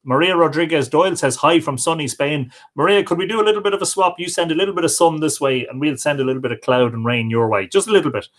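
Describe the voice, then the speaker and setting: A man's voice: fairly high pitch, quick pace, few pauses. A man with an Irish accent hosting a livestream, chatting casually and reading viewers' comments aloud, greeting each one by name. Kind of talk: casual live chat.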